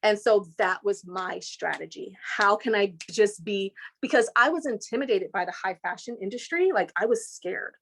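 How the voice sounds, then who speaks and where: A woman, an interview guest from California, telling stories with lively voice imitations and quick pitch jumps. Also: gravelly. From Inglewood, California. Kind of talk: animated storytelling.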